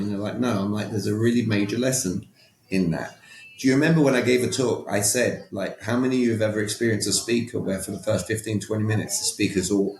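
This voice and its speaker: Quick-paced and fairly low-pitched, this man is recorded in an echoey room. He's a podcast guest in coaching mode, stressing points emphatically, often repeating himself and asking rhetorical questions.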